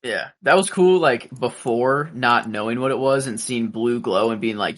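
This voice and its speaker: A man's voice: medium pitch, normal speed. A man co-hosting a podcast, rambling in casual chat with lots of fillers and restarts. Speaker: podcast co-host.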